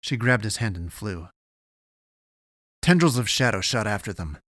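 A man giving steady, measured scripted narration of an audiobook. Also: fairly low pitch, no room sound, studio quality.

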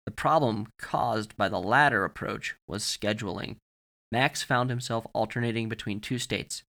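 A man reading a novel aloud in steady, matter-of-fact audiobook narration. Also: medium pitch. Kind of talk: scripted narration of fiction.

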